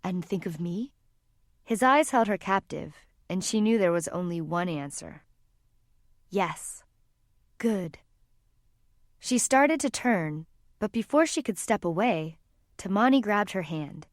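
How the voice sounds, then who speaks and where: Woman reading an audiobook, calm and even, mid pitch, dry close mic. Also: normal speed, no room sound. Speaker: audiobook narrator. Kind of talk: scripted narration.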